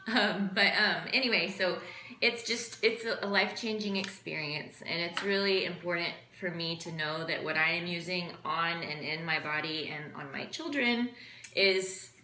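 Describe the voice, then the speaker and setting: A woman leads a casual, improvised class, chatty and filled with ums. Her voice is forceful and on the low side. The room is echoey, with faint noise behind her. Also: normal speed. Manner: chatty, filler-heavy, laughing asides. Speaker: essential oil class teacher.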